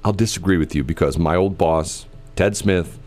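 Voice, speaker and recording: A man's voice: deep voice, moderate pace, a little mellow, soft background music. A middle-aged man from the American Midwest chatting casually, rambling through stories with many fillers and restarts.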